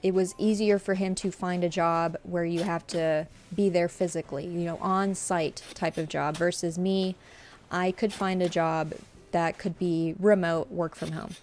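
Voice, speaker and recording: A young woman, chatting on her live stream. She is tearful, halting and apologetic, with lots of fillers. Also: fairly low pitch, fairly even intonation, a little mellow, slight background noise. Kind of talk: casual live-stream chat.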